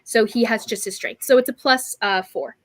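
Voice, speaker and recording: A woman's voice: on the high side, moderate pace, a crowd in the background. A woman running a tabletop game as game master, narrating the scene in a loose, meandering way with many fillers. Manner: descriptive, meandering with fillers and restarts.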